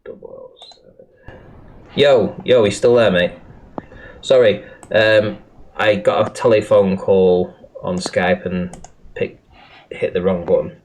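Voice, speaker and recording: A man hosts a casual livestream with a lowish voice. He swears freely and stumbles through his thoughts, trailing into ums and uhs. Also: steady tone, takes it slowly, a little mellow. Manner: swearing, hesitant with many fillers. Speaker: livestream host.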